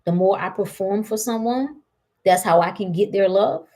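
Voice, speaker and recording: A woman speaks in a casual, animated spiritual pep talk, teasing her listener with rhetorical questions and frequent laughter. Her voice sits in a middle register, and she swings between bright bursts and low, muttered asides. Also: normal speed.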